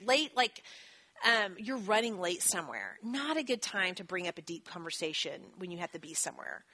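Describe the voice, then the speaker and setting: Lady in her 30s teaching a marriage class, bright voice, chatty, pokes fun at herself. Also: medium pitch. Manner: chatty, self-deprecating, quick asides. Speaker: speaker at a church marriage class. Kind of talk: teaching talk with scripture.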